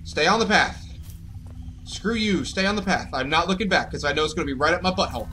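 High, bright, panicky gaming guy. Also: quick pace, soft background music. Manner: jittery, panicky, talks to viewers. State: frightened. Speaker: gaming channel host. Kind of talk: horror let's play commentary.

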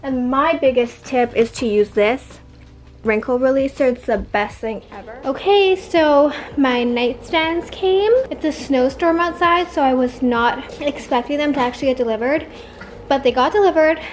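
A woman's voice: high voice, moderate pace. A young woman in her twenties, rambling chattily with lots of "like" as she shows off her bedroom makeover in a casual home vlog. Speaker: vlogger.

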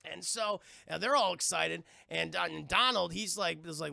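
Brief: high, raspy, bright-toned streamer, swears a lot, chats to viewers. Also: male voice, moderate pace, few pauses, no room sound, clean studio sound. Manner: profane, rambling, addresses chat. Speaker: streamer reviewing a cartoon. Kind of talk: casual live-stream recap.

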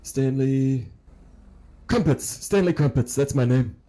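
A man's voice: medium pitch, takes it slowly, crowd noise, lightly acted. A man playing a confused, forgetful elderly man who stammers and repeats himself during a role-played traffic stop. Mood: confused, muddled. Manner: hesitant and repetitive, stammering. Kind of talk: role-play driving stop.

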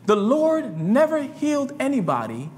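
Preacher, man, high and lively voice, impassioned sermon delivery, church hall reverb. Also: measured pace, slight background noise. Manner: impassioned, swinging between low murmurs and shouts. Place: church sanctuary.

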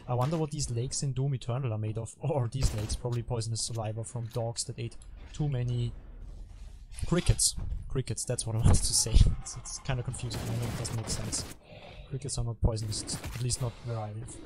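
A man's voice: mid-range voice, fairly even intonation, a little fast, background noise. A man giving casual gaming commentary, rambling with joking, self-mocking asides as he plays. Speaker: gameplay commentator. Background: game music and effects.

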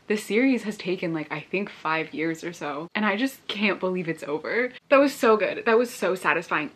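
A woman's voice: fairly low pitch, a bit bright, husky. A young woman vlogging her reactions to a book, gushing and emotional and laughing often. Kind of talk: casual reading reaction vlog.

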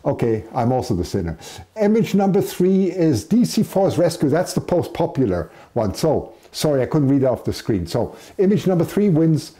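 A man's voice: on the high side, sing-song, normal speed, warm tone. A man hosting a live stream, chatting casually as he announces poll results. He pokes fun at himself and laughs often. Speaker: live show host.

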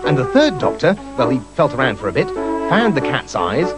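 A man narrating a comic storybook tale in an animated, giggly manner. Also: mid-range voice, brisk, over loud music.

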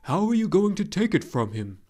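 A man voicing a wise old male luck dragon in an audiobook, speaking in a grave, measured way. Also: high voice, big pitch swings, darkish tone, voice pushed up.

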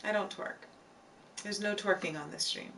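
A woman's voice: medium pitch, normal speed, gravelly, pushed and bright, distant mic, slight background noise. A woman hosting a live stream, chatting casually with viewers in a playful, giggly way, reading their comments aloud and repeating phrases for emphasis.

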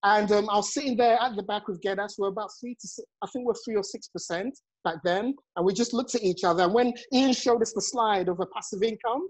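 A man's voice: high voice, fairly quick, few pauses, poor audio. Effusive man hosting a live stream. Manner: effusive, chuckling often. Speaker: host and network marketing coach. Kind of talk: motivational live video chat. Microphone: phone.

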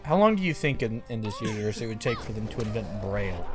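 A man's voice: fairly low pitch, sing-song, quick pace, loud music behind the voice. A man chatting casually with friends, asking curious questions about a cartoon series. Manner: curious, asks lots of questions. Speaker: show reviewer. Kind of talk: casual group chat.

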